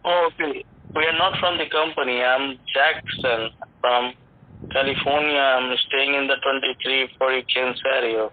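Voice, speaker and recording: A man working as a phone scammer, talking haltingly and pleadingly and saying "sir" again and again. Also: medium pitch, steady tone, slight background noise. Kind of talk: phone argument turning into apology. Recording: tinny dry phone line.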